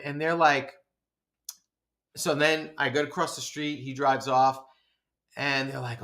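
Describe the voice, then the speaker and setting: Male podcast co-host, animated, mid-pitched, casual storyteller. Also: unhurried, pauses often. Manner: animated, acts out his own shouting and laughs through stories.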